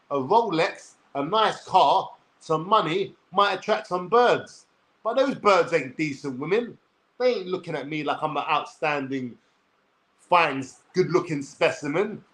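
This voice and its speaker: A man's voice: fairly high pitch, a bit bright, poor audio. A man in his forties with a London accent, talking bluntly to camera and swearing freely as he addresses his viewers. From England. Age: 40s. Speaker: online personality. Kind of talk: rambling talk to camera.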